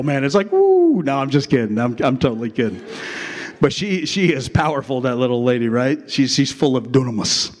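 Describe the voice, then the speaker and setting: A pastor preaching a sermon in a chatty, joking way, calling on the crowd to answer back. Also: male voice, mid-range voice. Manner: jokey, chatty preaching with call-and-response. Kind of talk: sermon with acted skit.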